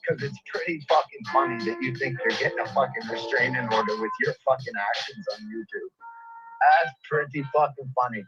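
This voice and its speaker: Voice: medium pitch, big pitch swings, moderate pace, dull audio, over music. Profane, angry livestream ranter. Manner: angry, profane, repetitive ranting. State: out of breath. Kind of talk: livestream rant.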